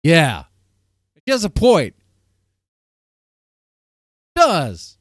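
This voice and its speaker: A man's voice: a little high, wildly swooping pitch, drawn-out words, no echo, clean studio sound. A man hosting a live stream, chatting casually with a guest and his audience in a joking, laughing manner. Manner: laughing, joking, playful asides.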